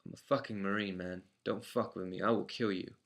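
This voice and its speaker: A man's voice: lowish voice, steady tone, fairly quick, a bit bright. A man voicing a drunk, hostile male passenger who curses in short, terse outbursts, an ex-Marine.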